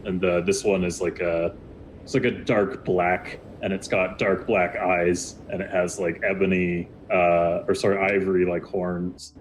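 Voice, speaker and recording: Deep-voiced rambling game master. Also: male voice, flat delivery, unhurried, a little hiss or hum, low-quality recording. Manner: rambling, many fillers and restarts. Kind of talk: narrating a tabletop game.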